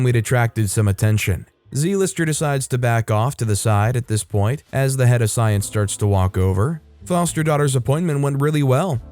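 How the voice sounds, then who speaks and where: A man narrating online stories aloud, reading them in an expressive way and shifting his tone for quoted dialogue. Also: mid-range voice. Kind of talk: scripted story narration.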